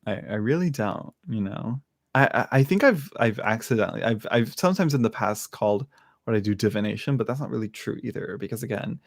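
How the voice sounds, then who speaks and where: A man's voice: lowish voice, gravelly, no room sound, studio quality. A man hosting a live tarot reading stream, talking casually, laughing often and restarting his sentences. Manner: chatty, laughs often, many fillers and restarts.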